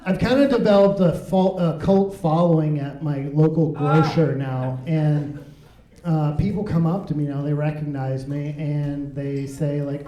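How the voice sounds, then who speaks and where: A man's voice: fairly high pitch, unhurried, mellow, reverberant, low-quality recording. A man performing a stand-up comedy set in a club, wry and playful with absurd asides.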